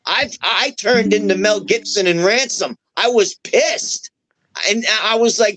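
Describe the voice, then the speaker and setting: A man's voice: high voice, measured pace, poor audio. A man on a podcast telling a long story in casual, profane talk, acting out the dialogue as he goes. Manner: profane, animated, acts out quoted dialogue. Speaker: wrestler guest.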